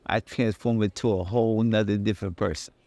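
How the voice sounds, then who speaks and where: A man who does stand-up comedy, talking about being on stage in a relaxed, earnest and casual way, with loose phrasing. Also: lowish voice, fairly quick. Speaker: comedian in an interview. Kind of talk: casual reflective talk.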